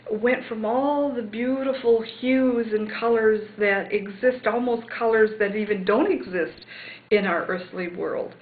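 A woman recounting a near-death experience, reflective and searching for words, on a roomy, phone-like recording. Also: medium pitch. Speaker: interviewee.

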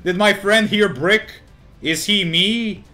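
A young man giving excited gameplay commentary as a card-game YouTuber, swinging between loud hype yells and muttered thinking aloud, swearing casually and laughing often. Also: high-pitched, slow pace. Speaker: gaming YouTuber.

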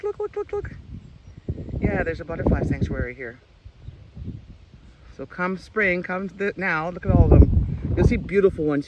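A middle-aged woman chatting casually in a walking vlog, rambling excitedly as she films on her phone outdoors in the countryside. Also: lowish voice. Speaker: vlogger. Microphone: phone camera held while walking. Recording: loud outdoor background noise. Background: loud outdoor noise.

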